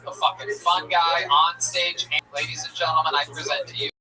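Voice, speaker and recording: A man emceeing a comedy club night, pumping up the crowd with loud, brash introductions. His voice sits a little high and sounds some distance from the mic. Loud music plays behind him. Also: flat delivery, fairly quick. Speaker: comedy show host. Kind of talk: emceeing a stand-up show.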